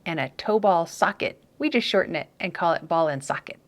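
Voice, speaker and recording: A woman's voice: on the low side, animated, brisk. A woman presenting a brick-building session for children in a playful, chatty way, often muttering and whispering asides to herself. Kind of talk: casual build-along narration for kids.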